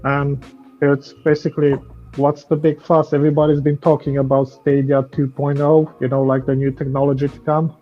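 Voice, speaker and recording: A man appearing as a guest on a live show, calmly explaining his opinion. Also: fairly high pitch, moderate pace, highs cut off, soft background music. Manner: relaxed, explaining his view at length. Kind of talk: casual chat.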